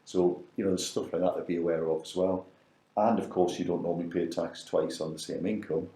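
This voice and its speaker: A man's voice: sits low, steady tone, a little fast, mellow, roomy sound, rough recording. A middle-aged man, a business advisor co-hosting a podcast, talking casually and repeating words as he restarts his thoughts. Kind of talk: casual conversational podcast chat.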